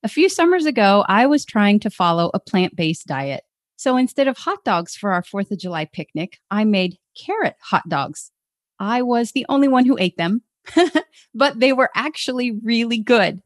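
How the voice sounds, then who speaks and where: A woman's voice: mid-range voice, dry recording. Upbeat young woman hosting a podcast, lots of laughs, dry no-room sound. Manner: cheerful, laughs often. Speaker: podcast host.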